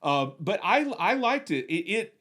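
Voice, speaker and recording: A man's voice: high voice, sing-song, a little slow, a bit bright. Rambling man co-hosting a movie podcast. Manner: rambling, repeats words, frequent restarts. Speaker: podcast co-host. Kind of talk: casual movie discussion.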